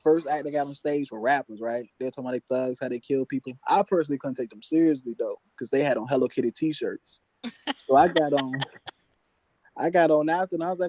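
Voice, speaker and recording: A man's voice: fairly high pitch, brisk, dark tone, no echo, low-quality recording. A man doing a stand-up set at an open mic, telling stories in loose, casual street slang. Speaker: stand-up comedian. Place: open mic comedy venue.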